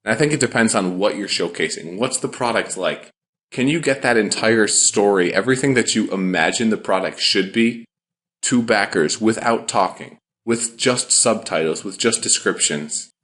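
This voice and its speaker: A man hosting a podcast, giving upbeat, enthusiastic commentary in a quick, rapid-fire delivery. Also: fairly low pitch, lively intonation, a bit bright. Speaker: podcast host.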